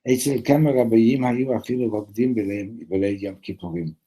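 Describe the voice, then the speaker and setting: A man teaching a Torah class, telling a story and acting out the characters with sudden loud shouts, mixing in Hebrew terms. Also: lowish voice, steady tone, rapid-fire, poor audio. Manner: mixes in Hebrew and Yiddish terms.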